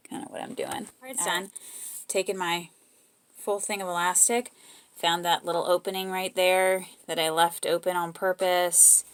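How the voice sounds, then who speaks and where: With a Southern US accent, a woman runs a casual, step-by-step sewing tutorial, chatting easily and correcting herself as she goes. Her voice is fairly low and fairly bright.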